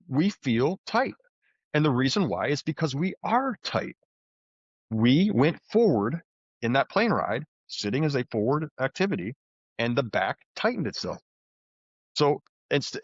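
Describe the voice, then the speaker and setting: Animated male podcast guest, muffled audio. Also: medium pitch, moderate pace, dry recording. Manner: animated, frequent restarts and fillers. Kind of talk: conversational storytelling.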